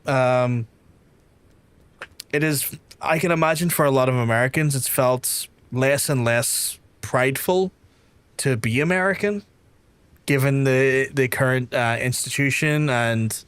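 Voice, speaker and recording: A man's voice: medium pitch, unhurried, smooth, no room sound. Chatty man streaming. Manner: chatty, rambling, animated. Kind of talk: casual let's-play chat.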